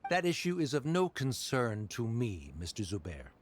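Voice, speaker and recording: A man's voice: medium pitch, sing-song, moderate pace, a little hiss or hum, close to an everyday voice. An actor playing a cold, condescending male official who speaks in a haughty, officious way.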